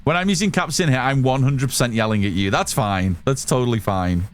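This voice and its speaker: A loud, excitable man, chatting casually with his live-stream chat while gaming and swearing freely. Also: medium pitch, a little fast, a little hiss or hum.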